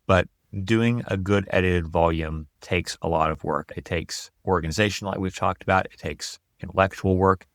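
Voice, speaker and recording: Man, very low pitch, tired and nearly voiceless, earnest podcast host, dry close sound. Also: steady tone, moderate pace, hardly any pauses, dry recording. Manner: earnest, advisory. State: tired, voice almost gone. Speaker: podcast host and writing coach. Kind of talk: solo podcast talk.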